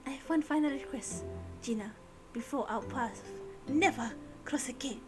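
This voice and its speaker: A woman reading game dialogue aloud as a polite, formal young Japanese woman, soft and measured. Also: high-pitched, over music, natural voice. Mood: gently reproachful.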